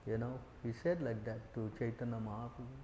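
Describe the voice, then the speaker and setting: A man's voice: medium pitch, little pitch movement, brisk, warm tone, roomy sound, a little hiss or hum. A man giving a scripture class who keeps asking the audience questions, laughs, and acts out quotes as he preaches. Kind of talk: sermon.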